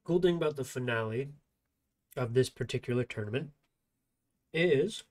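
A man's voice: mid-range voice, moderate pace, a little mellow. A man with a nasal, congested voice giving rambling, self-deprecating live-stream commentary on a strategy game tournament. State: congested sinuses.

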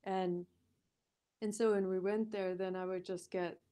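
An animated woman recounts her experience as a podcast guest, with her voice sitting at an ordinary middle pitch. She talks in a loose, conversational way, peppered with fillers, and breaks into laughter often. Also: measured pace, smooth. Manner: animated, laughs often, lots of "like" and "you know". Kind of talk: conversational storytelling.

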